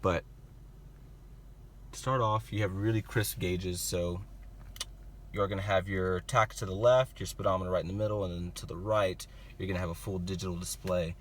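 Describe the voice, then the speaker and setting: Sitting inside a car, a young man with a low voice talks viewers through its interior in a loose, chatty product walkthrough. As a car reviewer, he sounds relaxed and drops plenty of "like" and "you know." There's a little hiss or hum in the recording.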